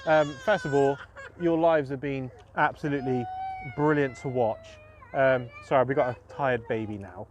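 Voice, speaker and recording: A man's voice: mid-range voice, normal speed, muffled recording, background noise. A man chatting casually on his fishing live stream as host, self-mocking and full of fillers and restarts.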